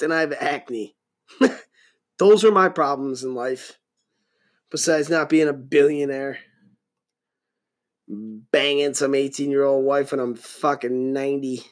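A man's voice: mid-range voice, a little slow, pauses often. A man in his thirties hosting a solo podcast, rambling casually with lots of profanity and jokes. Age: 30s. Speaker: podcast host.

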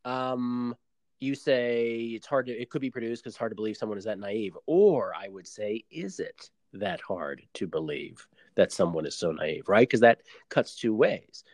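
A man co-hosts a podcast recapping a reality show, chatting casually and playfully and arguing his points with rhetorical questions. His voice is lowish and darkish in tone, at normal speed, with no echo.

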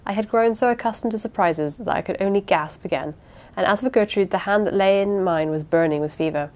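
A woman reading a first-person mystery novel aloud in a plain, steady storytelling manner. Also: mid-range voice, fairly quick. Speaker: audiobook narrator.

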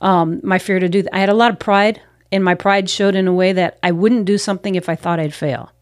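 An American woman who is a missionary pastor earnestly tells personal stories in an interview, reflecting and acting out the things she used to tell herself. Her medium-pitched voice is steady and fairly quick, recorded in studio quality with no echo.

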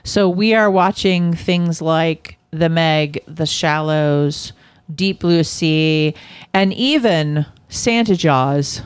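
Woman podcast host, chatty, laughs a lot, low-ish voice, dry close mic. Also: takes it slowly, clear, resonant tone, no echo. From California. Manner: laughs often, chatty and playful. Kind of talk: casual chat.

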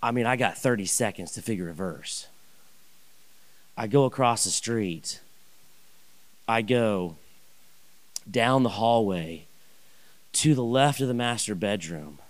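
A man telling a personal story in a sermon, animated and rambling, with many restarts and asides. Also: on the low side, slow, long pauses. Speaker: pastor.

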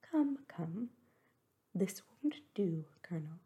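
A woman voicing a prying, gossipy older hostess in a soft whispered role-play reading. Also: fairly low pitch, big pitch swings, takes it slowly, breathy edge, exaggerated voice. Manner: whispered, coaxing and nosy.

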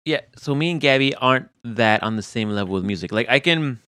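A man's voice: a little fast, dry recording, clean studio sound. A young man chatting casually on a podcast, acting out quoted lines in a raised voice as he tells stories. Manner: animated storyteller, acts out quotes in a high voice. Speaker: podcast co-host. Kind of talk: casual chat.

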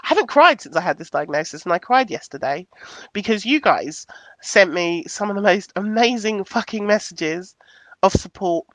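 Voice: medium pitch, expressive, moderate pace, fairly bright tone, dry recording. A podcast host in casual chat, reading out listener comments, candid and affectionate, who swears casually.

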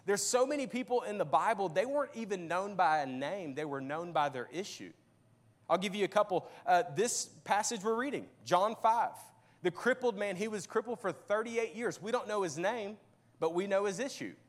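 A man's voice: sits high, normal speed. A young man preaching a sermon, telling his own story earnestly, often restarting his words. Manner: earnest storytelling, repeats and restarts when emotional. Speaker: pastor. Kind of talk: sermon with personal testimony. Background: faint guitar music.

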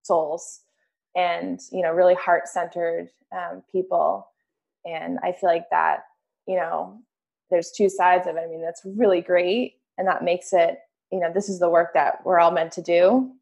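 A woman hosting a casual conversation, earnest and lively when she tells a story. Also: on the low side, a little slow, vocal fry. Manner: earnest, animated when telling stories.

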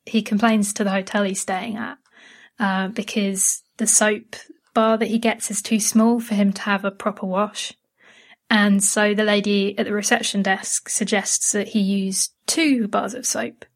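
Woman podcast host from England; easygoing chat, quick to laugh. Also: mid-range voice, flat delivery. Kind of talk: casual chat.

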